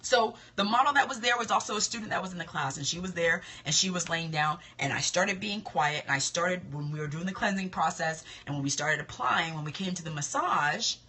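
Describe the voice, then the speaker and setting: A woman's voice: fairly low pitch, animated, brisk, few pauses, sharp tone, slight background noise. A woman, coaching other estheticians in casual live-stream talk, confident and emphatic, often repeating her points.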